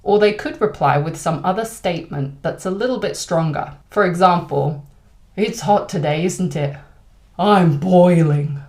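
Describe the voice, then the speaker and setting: A woman with a British accent teaching an online English lesson, speaking clearly and deliberately. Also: lowish voice. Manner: clear, deliberate teaching delivery with exaggerated example intonation.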